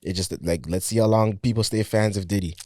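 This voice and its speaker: A man's voice: on the low side, brisk, no echo, studio quality. A man hosting a podcast, talking casually in slang and reading ad copy. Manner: relaxed slangy talk, reads ad copy. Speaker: podcast host. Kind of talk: casual chat.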